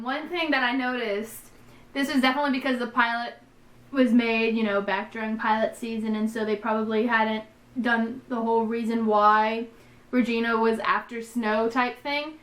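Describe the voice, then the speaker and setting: A young woman in her twenties chatting in a rambling, excitable, self-deprecating way as she reviews a TV episode on a vlog. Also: on the high side, echoey room. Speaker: vlogger. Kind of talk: casual TV episode review chat.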